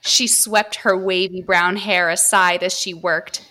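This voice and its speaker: Young woman reading a spicy story out loud on a podcast, bright sharp voice, keeps cracking up. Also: fairly low pitch, fairly even intonation, a little slow.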